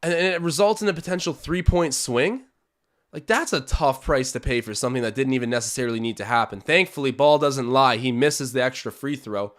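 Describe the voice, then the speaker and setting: A young man from Canada hosting a live basketball watch-along, calling plays and chatting with his viewers, animated and swinging from hype to groans. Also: mid-range voice, brisk. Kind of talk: excited live game commentary with chat.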